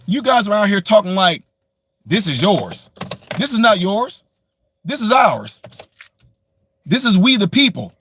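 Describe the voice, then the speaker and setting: A man's voice: high-pitched, fairly bright tone, slightly rough, dry recording. A man delivering a combative, mocking political rant as a commentary vlogger from the United States, repeating his points with scorn. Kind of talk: ranting opinion monologue.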